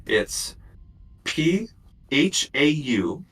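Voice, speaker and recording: A man narrating as dungeon master of a tabletop game, casual and relaxed, with lots of fillers and asides. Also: a little high, extremely slow, distant mic, rough recording.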